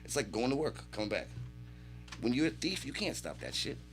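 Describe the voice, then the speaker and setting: A man telling animated, swear-filled stories as a podcast guest in a radio studio. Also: medium pitch, fairly quick, music in the background. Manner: animated storytelling, heavy swearing. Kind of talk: casual chat.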